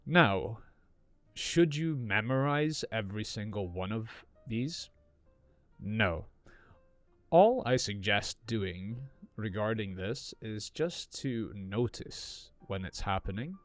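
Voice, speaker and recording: A man teaching English in an unscripted podcast, explaining slowly and clearly as he improvises. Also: on the low side, expressive, dry recording, faint music behind.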